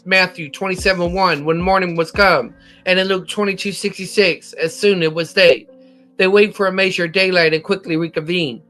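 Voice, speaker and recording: Bright, high-voiced American man teaching scripture. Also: fairly even intonation, normal speed, faint music behind. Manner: methodical, cites chapter and verse, occasional slips. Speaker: Bible teacher. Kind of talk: scripture lesson.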